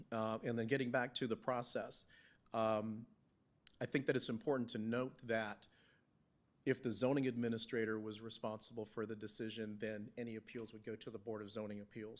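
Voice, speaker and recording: Man, town staff, slide presentation, lowish voice, halting with fillers. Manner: halting, many fillers and restarts. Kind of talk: presenting slides at a council work session. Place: council meeting room.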